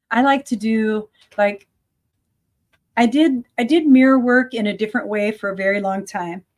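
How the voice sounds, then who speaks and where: A middle-aged woman giving an informal spiritual lesson, talking earnestly and repeating phrases and affirmations for emphasis. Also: mid-range voice. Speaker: spiritual teacher.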